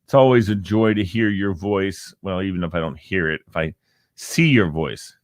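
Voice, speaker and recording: A man's voice: low voice, moderate pace, no room sound, clean studio sound. A man hosting a casual talk show, rambling and joking and chuckling at his own asides. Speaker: host. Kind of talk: casual chat show monologue.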